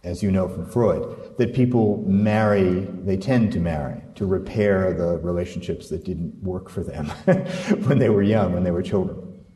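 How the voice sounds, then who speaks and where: A man's voice: low-pitched, dark tone, distant mic. Thoughtful man in an echoey hall. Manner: thoughtful, hesitant with pauses. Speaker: author being interviewed. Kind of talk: reading aloud and interview talk.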